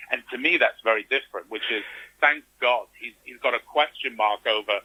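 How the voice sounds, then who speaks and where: A man's voice: medium pitch, a little fast, sharp tone, husky, poor audio. A man telling his story as an interview guest, animatedly acting out the reactions he quotes. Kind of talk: conversational interview.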